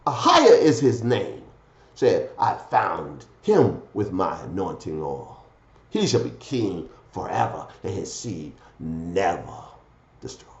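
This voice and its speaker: A man preaching a fiery scripture sermon, swinging from loud declaiming to low muttered asides. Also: roomy sound, dull audio.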